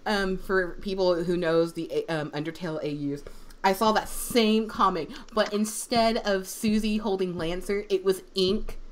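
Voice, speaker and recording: A woman in education co-hosting a casual livestream, chatty and swearing freely, her voice strained from yelling. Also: medium pitch, steady tone, a little slow. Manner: chatty storyteller, swears freely, acts out quotes.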